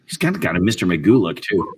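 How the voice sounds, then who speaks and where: A man's voice: low voice, breathy edge, recorded from a distance. A middle-aged man, a voice actor talking casually and playfully about creating character voices. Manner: playful, quick-shifting between voices. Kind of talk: casual talk about voice acting.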